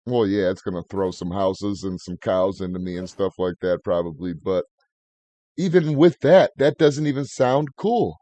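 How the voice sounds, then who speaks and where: A man's voice: low-pitched, normal speed, dark tone, no echo. A man hosting a podcast in casual, crude, rambling banter. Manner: profane, jokey, rambling. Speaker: podcast host.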